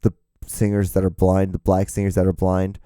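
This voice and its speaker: A man's voice: low-pitched, monotone, normal speed, dark tone, clear, resonant tone, no echo. A man hosting a solo podcast, rambling and profane and poking fun at himself, his voice wearing out. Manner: rambling, profane, self-deprecating. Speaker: podcast host.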